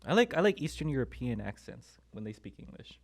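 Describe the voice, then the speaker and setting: Young man, podcast co-host, laid-back, teasing, middle pitch, casual slang. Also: very animated, brisk, vocal fry. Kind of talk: casual chat.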